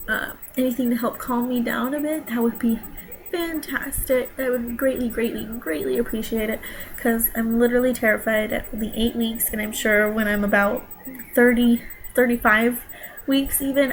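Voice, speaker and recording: A woman's voice: a little high, a little hiss or hum, rough recording. A young woman vlogging a casual pregnancy update, rambling and nervous.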